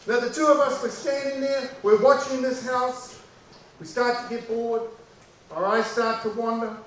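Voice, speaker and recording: New zealand man telling a story, high voice, animated, repeats lines, very echoey room, distant mic. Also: normal speed, a little hiss or hum. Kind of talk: told childhood story.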